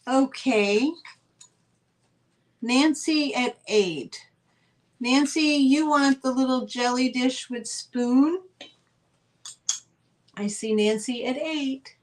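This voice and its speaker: A woman's voice: a little high, poor audio. A woman hosting a live online sale, chatting as she describes items for auction.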